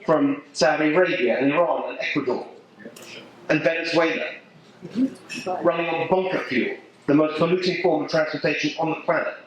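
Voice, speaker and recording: A middle-aged man with an English accent giving an animated, emphatic talk to a local political group, joking with the audience as he goes. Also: on the high side, moderate pace, crowd noise. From England. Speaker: political speaker. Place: event venue with a live audience. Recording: echoey room.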